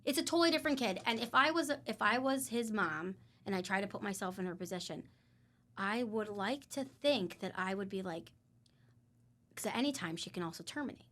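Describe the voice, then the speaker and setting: Speaking fairly quickly in a medium pitch, this podcast guest tells personal stories in a casual conversation. She's animated and emphatic, voicing other people's quotes as she goes.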